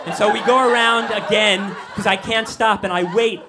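A middle-aged man telling a true story live on stage, rambling, self-deprecating and full of quick asides. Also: sits high, steady tone, a loud crowd, very noisy.

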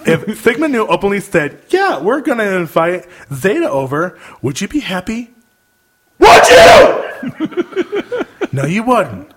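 A man's voice: sits high, very animated, normal speed, hardly any pauses, a bit bright, a little hiss or hum. A young man on a casual podcast, reading an email aloud with mock outrage and breaking into laughter between lines. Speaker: podcast co-host.

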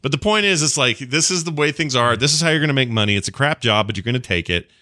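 A man's voice: mid-range voice, expressive, pushed and bright, no echo, clean studio sound. A man co-hosting a podcast, chatting casually and enthusiastically about a video game. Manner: enthusiastic, rambling, quick asides. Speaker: podcast co-host.

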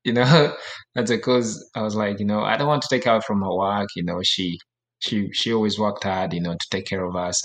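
A young man from Uganda speaks in a fairly low voice, retelling his past with lots of energy. He often slips into voices of the people in his story and laughs along the way. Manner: animated, acts out dialogue, laughs often. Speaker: guest, professional soccer player. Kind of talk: casual storytelling.

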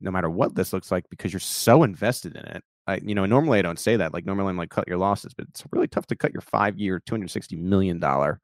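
A man's voice: low voice, quick pace, few pauses, no echo, clean studio sound. A man co-hosting a sports podcast, giving blunt, matter-of-fact analysis in casual talk. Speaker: podcast co-host.

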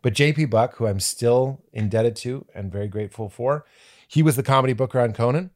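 A middle-aged male comedian telling an animated story in a podcast conversation, jumping into high-pitched impressions. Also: a little fast. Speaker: comedian guest.

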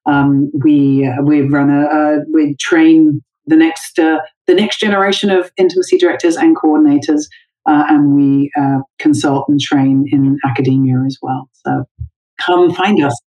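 A woman guest in a casual interview, chatty and quick to laugh, talking about her work as an intimacy director. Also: sits low, fairly even intonation, dark tone, reverberant, rough recording. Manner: chatty, laughs easily, many fillers.

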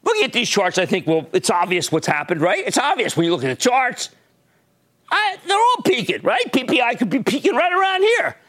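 An older man hosting a market show, delivering theatrical stock commentary, swinging from shouts to low asides. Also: wildly swooping pitch, a little fast.

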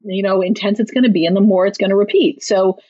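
A woman with a husky, slightly breathy voice gives parenting advice in a casual interview, animated and quick to act out little bits of dialogue. The sound is dry and close, a touch dull and lo-fi. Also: medium pitch, no room sound. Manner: animated, acts out parents' and kids' lines in quick asides. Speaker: guest parenting author and clinical social worker.

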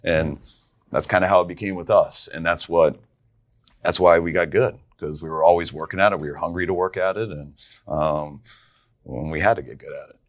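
A man's voice: sits low, fairly even intonation, brisk. A man who is a head coach, guesting on a podcast and telling stories casually, often restarting his sentences and laughing as he talks. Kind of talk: casual storytelling.

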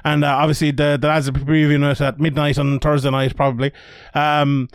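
Chatty podcast host. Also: male voice, a little high, little pitch movement, fairly quick, clean tone, dry recording, clean studio sound. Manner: chatty, laughs easily, swears casually. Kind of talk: casual chat.

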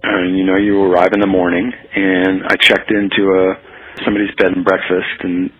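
An American man telling a frank personal story as a guest, animated and laughing often. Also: sits low, moderate pace, husky, narrow, tinny audio. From United States. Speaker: guest, activist. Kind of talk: candid storytelling in conversation.

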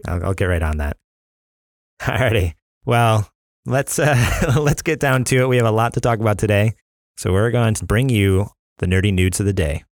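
An easygoing man hosts a podcast, chatting casually with a chuckle. His voice sits fairly low. The close studio mic gives a dry sound. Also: normal speed, no echo. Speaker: podcast host.

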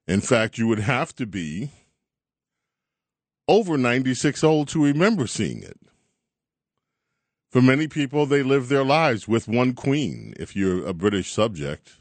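A man hosting a talk radio show, chatting in an animated, chuckling monologue. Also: mid-range voice, unhurried, pauses often, no echo. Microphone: studio mic.

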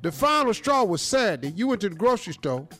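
A man hosting a radio advice show, reading a listener letter with animated, joking, slangy commentary. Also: high voice, fast, faint music behind. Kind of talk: comic advice talk.

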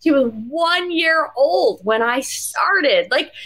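A woman's voice: high voice, lively intonation, slow, a bit bright, dry recording, low-quality recording. A woman guest on a podcast, reflecting in casual interview chat with frequent restarts and fillers. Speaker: podcast guest, pro wrestler.

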